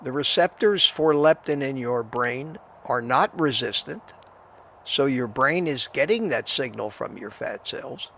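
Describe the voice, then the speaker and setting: A man's voice: medium pitch, animated, unhurried, gravelly, pushed and bright, slight background noise. An older man hosting a live stream, chatting casually, giving advice and greeting viewers by name. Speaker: livestream host answering viewer chat.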